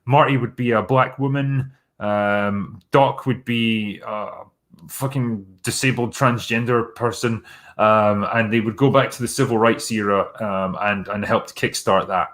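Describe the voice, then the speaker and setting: A man's voice: fairly low pitch, fairly even intonation, measured pace, fairly bright tone. A man hosting a live stream, chatting casually through viewer messages in a blunt, sarcastic way with plenty of swearing.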